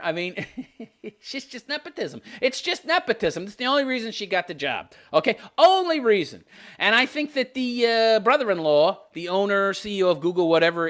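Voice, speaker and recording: In his fifties, this podcast host delivers a political commentary rant in a high-pitched, slightly bright voice. He sounds scornful and sarcastic, frequently breaking into laughter.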